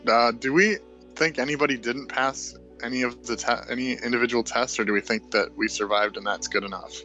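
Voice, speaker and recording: A man with a bright, forward voice plays in a tabletop game. He talks haltingly with plenty of fillers and chuckles. Faint music sits underneath. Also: medium pitch, fairly even intonation, low-quality recording. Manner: hesitant, full of fillers, chuckling. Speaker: player. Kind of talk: casual tabletop play chat.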